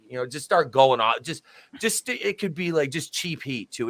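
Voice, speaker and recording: A man's voice: on the high side, expressive, moderate pace, fairly bright tone. A man chatting casually as a podcast co-host. He talks animatedly, often breaking into exaggerated voices to act out what others said, and laughs along the way. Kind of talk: casual chat.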